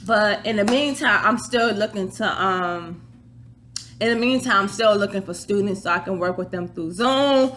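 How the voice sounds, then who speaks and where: Bright, chatty young woman vlogging. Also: medium pitch, moderate pace, a little hiss or hum. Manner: chatty, animated storytelling with squealing quoted reactions. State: out of breath. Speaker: vlog host. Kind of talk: casual vlog chat. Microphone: phone or webcam, before her new microphone works.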